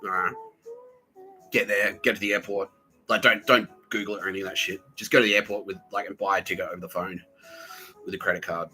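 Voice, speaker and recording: A man's voice: sits low, flat delivery, quick pace, long pauses, bright, forceful tone, soft background music. A man hosting a podcast, telling a rambling, profane story and slipping into mocking whispers and put-on voices. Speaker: podcast host. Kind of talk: rambling monologue.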